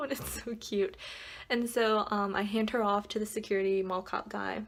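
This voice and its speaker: A woman's voice: medium pitch, fast talker. Woman, casual vlog storytelling, chatty filler words, acts out quotes, filmed at home at night. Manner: chatty, frequent "like" fillers, animated quoted dialogue. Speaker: vlogger.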